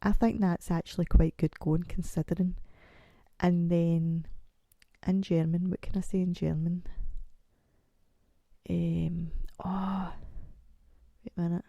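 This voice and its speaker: A woman in her forties hosting a casual solo podcast. She rambles and pokes fun at herself, and she sounds croaky from a chest infection. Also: lowish voice, flat delivery, slow pace, pauses often, warm tone, no echo. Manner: rambling, chatty and self-mocking. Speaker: podcast host.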